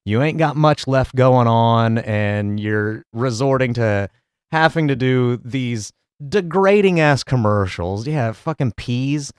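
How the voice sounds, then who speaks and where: A man's voice: medium pitch, slow pace, clean tone, no room sound, studio quality. A man hosting a reaction podcast, chatting casually and swearing as he laughs and mocks outtakes. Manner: profane, laughing, animated mockery. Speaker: podcast host.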